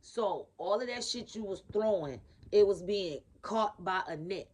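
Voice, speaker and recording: A woman's voice: medium pitch, lively intonation, a little slow, a little mellow. Blunt profane woman giving a reading. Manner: blunt, profane, emphatic, repeats key phrases. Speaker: spiritual reader. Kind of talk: casual intuitive reading to camera.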